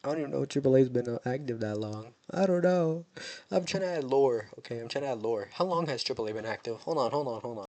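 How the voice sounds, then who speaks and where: A man's voice: medium pitch, expressive, fast, hardly any pauses, a little mellow. A young American man hosting a casual wrestling recap, joking and rambling as he talks. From United States. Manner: joking, rambling, mock-dramatic. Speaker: wrestling show recap host. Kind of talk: casual chat.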